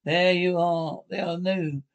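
A man reading a fan audio drama alone, voicing all the characters and narration, with a halting delivery and frequent restarts. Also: high-pitched, fairly even intonation, creaky. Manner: switches between character voices and narration. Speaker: reader voicing every character.

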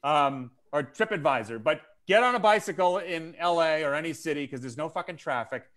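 A man's voice: on the high side, lively intonation, brisk, fairly bright tone. Rambling foul-mouthed man on a video call. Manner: rambling, swears constantly, goofy asides. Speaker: stand-up comedian. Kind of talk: profane comedy riffing on a video call.

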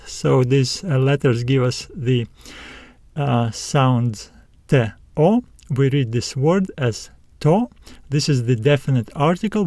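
A man teaching a video language lesson, enunciating slowly and carefully as he spells out letters. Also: medium pitch, darkish tone, no room sound. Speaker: Greek teacher.

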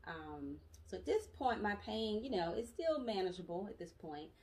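A woman's voice: mid-range voice, moderate pace. Chatty woman vlogger, set back from mic. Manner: chatty, animated, with frequent asides and laughs. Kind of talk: casual storytelling vlog. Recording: voice distant from the mic.

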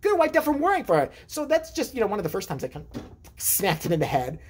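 A man vlogger telling a comedic personal story in an animated, profane, rambling way. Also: high voice, fast talker, slight background noise.

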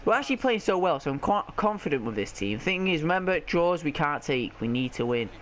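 A man's voice: a little high, big pitch swings, fairly quick, fairly bright tone. A young man giving live commentary on his own football video game match, ranting and swearing in frustration. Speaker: gaming video creator.

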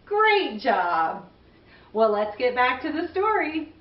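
An older woman hosting a children's show, talking warmly and encouragingly to young kids. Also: sits high, big pitch swings, takes it slowly. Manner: warm, encouraging, kid-directed. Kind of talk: chatty talk to young children. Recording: roomy, distant, dull recording.

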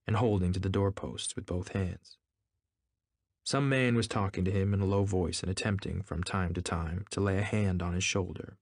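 Male narrator, low voice, measured literary reading, dry close sound. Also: no echo. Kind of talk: scripted narration.

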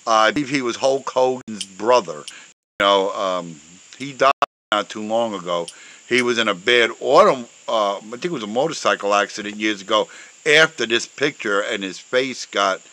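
Loud, forceful man talking outdoors. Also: medium pitch, low-quality recording. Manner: loud, forceful, outspoken, chuckles often. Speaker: show host showing memes and pictures. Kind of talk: casual rambling commentary. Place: outdoors in a breeze.

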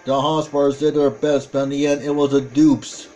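A man calling a tag team wrestling match play by play, excitable, with frequent exclamations and self-corrections. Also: on the high side, normal speed, lo-fi sound, soft background music. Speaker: wrestling commentator. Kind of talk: play-by-play commentary.

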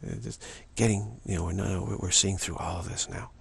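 Man, spiritual teaching monologue, gravelly fry, raspy, repetitive delivery. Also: low-pitched, fairly even intonation, brisk. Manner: repetitive, many restarts and "you know", acts out dialogues.

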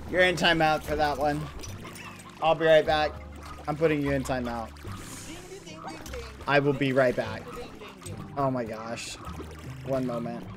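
A man livestreaming a game, chatting with his viewers in a playful, teasing way, with game music behind him. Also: mid-range voice. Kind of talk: casual game stream chat.

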